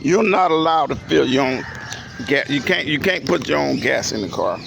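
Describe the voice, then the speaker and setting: A man telling a story in a casual, profane, animated way for his vlog. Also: medium pitch, normal speed, creaky. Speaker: vlogger. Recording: noisy outdoor recording. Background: roosters and chickens.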